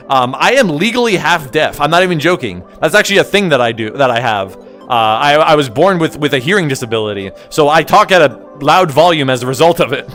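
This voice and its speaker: A young man on a live stream, joking with his viewers and breaking into excited yells. His voice is fairly high for a man and swings up and down. Soft music plays quietly behind him. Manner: loud, excitable, bursts into yelling; joking, self-mocking banter with chat. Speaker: livestreamer.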